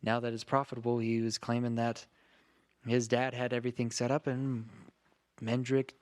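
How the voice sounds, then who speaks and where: A man acting as dungeon master, explaining the story in a calm, measured way. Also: mid-range voice. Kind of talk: tabletop game narration.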